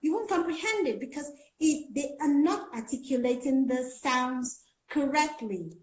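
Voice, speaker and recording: A woman's voice: high-pitched, expressive, moderate pace. Nigerian woman coaching pronunciation. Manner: explaining with many fillers. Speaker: speech coach. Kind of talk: casual chat on a call. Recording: echoey lo-fi call audio.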